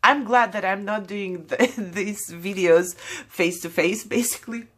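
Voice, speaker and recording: Tearful woman, bright tone, candid and apologetic, swinging up and down. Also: mid-range voice, unhurried. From Germany. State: fighting back tears. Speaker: craft vlogger opening mail. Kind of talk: casual voice-over while opening mail.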